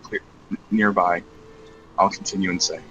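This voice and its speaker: A man's voice: low voice, little pitch movement, normal speed, pushed and bright, dull audio, faint music behind. A man who is a tabletop game player, describing his character's actions in a careful, explanatory way.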